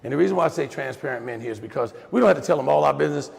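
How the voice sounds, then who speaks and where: A middle-aged man, speaking at a virtual Q&A as a folksy, animated storyteller who talks to his listeners as "y'all". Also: fairly high pitch, very fast, creaky, long reverb tail. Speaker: guest speaker on raising boys.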